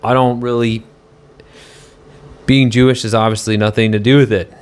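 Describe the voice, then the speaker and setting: A man's voice: mid-range voice, level tone, moderate pace, clear, resonant tone. A man on a casual live stream, answering chat in a rambling, argumentative way and swearing now and then.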